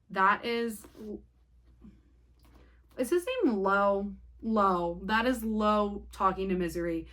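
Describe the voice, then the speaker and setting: A woman's voice: medium pitch, slow pace, long pauses, a bit bright. A young woman chatting casually through a book review, rambling and saying "like" a lot.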